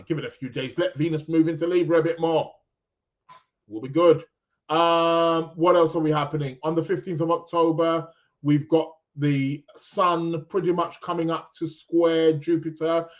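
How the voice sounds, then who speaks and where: A man chats his way through an astrology podcast, wandering off topic and chuckling as he goes. His voice sits a little high, and it comes through a dull, lo-fi recording. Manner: rambling, chuckling, lots of fillers and restarts. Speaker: podcast host. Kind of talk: casual astrology podcast chat.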